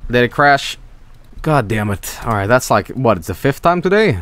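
A man's voice: mid-range voice, normal speed. A man from Sweden, casually commentating a video game, joking, swearing and putting on silly voices. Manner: jokey, profane, animated, puts on silly voices. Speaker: streamer.

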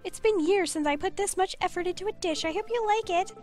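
A woman voicing a kindly, doting old granny who talks in a high, sing-song, fussing way. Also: fast, darkish tone, faint music behind.

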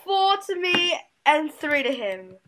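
Excitable high-voiced woman calling a game. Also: takes it slowly, very noisy. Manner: excitable, competitive, loud outbursts and swearing. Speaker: co-host of a gaming video. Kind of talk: casual game commentary.

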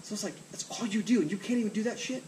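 Outside by a trailer, a man films himself in an angry rant, swearing a lot and repeating himself out of frustration. He talks rapid-fire in a high voice with a darkish tone, and there's slight background noise.

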